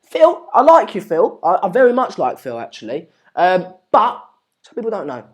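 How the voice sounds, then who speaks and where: A man's voice: high voice, huge pitch swings, normal speed. A man with an English accent hosting a live stream, chatting casually and reading out viewer comments in a rambling, jokey, self-deprecating way. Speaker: livestream host.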